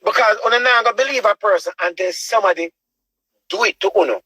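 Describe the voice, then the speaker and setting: A man with a Jamaican accent delivers a preachy rant. He repeats himself and keeps asking rhetorical questions. His voice sits a little high and sounds husky, with a sharp, forceful edge in a dry, close setting. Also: fairly quick, dry recording, rough recording. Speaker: online show host. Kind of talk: ranting commentary.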